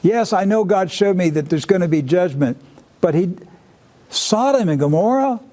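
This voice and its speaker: A man's voice: high voice, lively intonation, moderate pace, mellow. A man hosting a talk show, speaking earnestly and directly. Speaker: host. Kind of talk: casual chat.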